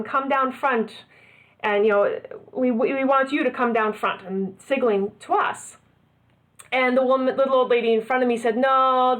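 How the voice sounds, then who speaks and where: A middle-aged woman from the United States, a guest telling a story in a casual interview, lively and laughing often. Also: on the high side.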